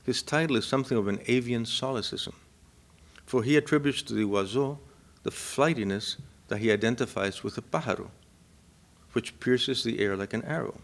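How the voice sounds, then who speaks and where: A man's voice: mid-range voice, moderate pace, creaky. A man from Cuba whose first language is Spanish, giving a reflective academic lecture and often checking in with his listeners. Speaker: university lecturer.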